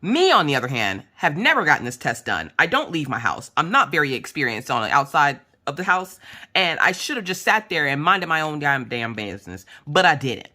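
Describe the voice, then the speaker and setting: A young woman vlogger tells a story in a casual chat, with a bright, forceful voice. Her pitch swings widely, and she retells events dramatically with loud squeals and exclamations. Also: big pitch swings, a little fast. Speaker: crafting vlogger.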